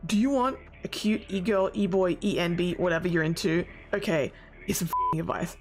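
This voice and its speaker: A woman talking through a casual commentary video essay, brash and sarcastic, who swears freely and bursts into loud exasperated outbursts. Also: mid-range voice, expressive, moderate pace, soft background music.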